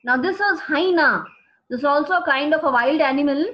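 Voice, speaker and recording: High-voiced woman teacher. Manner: slow, repeating key words for students. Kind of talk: classroom vocabulary lesson. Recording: dull lo-fi recording.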